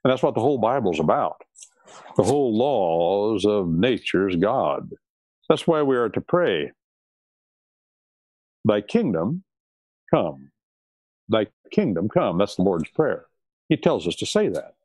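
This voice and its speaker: A man's voice: on the low side, very animated, unhurried, long pauses, a little mellow, slightly rough, no room sound. A man preaching a sermon on scripture and law, stressing and repeating key words.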